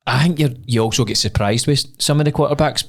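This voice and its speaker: A man's voice: medium pitch, quick pace. A young Scottish man co-hosting a podcast, chatting casually, rambling and swearing freely. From Scotland. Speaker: podcast co-host. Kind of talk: casual chat.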